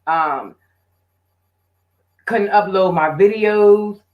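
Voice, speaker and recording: A woman's voice: mid-range voice, extremely slow, muffled recording. A woman hosting her own live stream, chatting casually and directly with her viewers. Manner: chatty, talks straight to viewers.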